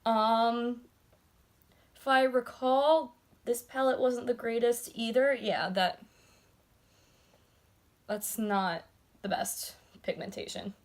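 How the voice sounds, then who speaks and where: A woman's voice: fairly high pitch, fairly even intonation, slow pace, long pauses. A woman beauty vlogger chatting casually about her makeup, with lots of ums and likes. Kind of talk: casual chat showing makeup. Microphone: phone.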